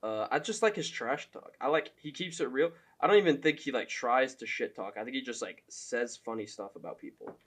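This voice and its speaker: A man's voice: medium pitch, expressive, fairly quick, hardly any pauses, a bit bright. A young man giving loose, profane opinion commentary as a fan, full of fillers and laughs.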